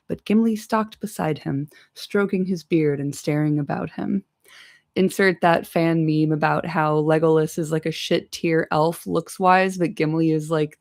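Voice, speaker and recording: Woman, casual reader with irreverent asides, low creaky voice. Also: darkish tone, no room sound, clean studio sound. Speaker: podcast reader. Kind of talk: casual audiobook reading with asides.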